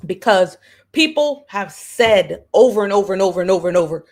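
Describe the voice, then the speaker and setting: A woman's voice: medium pitch, animated, moderate pace, a little mellow. A woman hosting a livestream and giving blunt, profane, sarcastic political commentary, repeating phrases for emphasis. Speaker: livestream host.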